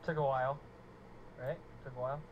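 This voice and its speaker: A man's voice: medium pitch, flat delivery, fairly quick, highs cut off. A man co-hosting a live stream who jokes and banters casually, laughing often. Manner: joking, chatty, laughs often. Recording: noisy live stream audio.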